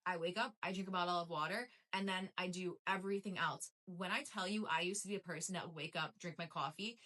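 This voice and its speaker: A woman's voice: lowish voice, fairly even intonation, fast talker, sharp tone. A young adult woman vlogging, giving casual motivational talk in a chatty, emphatic way with lots of repetition. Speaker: lifestyle vlogger.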